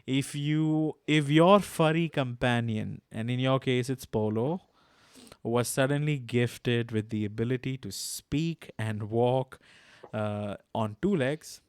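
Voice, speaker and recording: A man hosting a casual podcast chat, laughing often and asking his questions slowly and deliberately. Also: medium pitch, smooth, no room sound, clean studio sound. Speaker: podcast host.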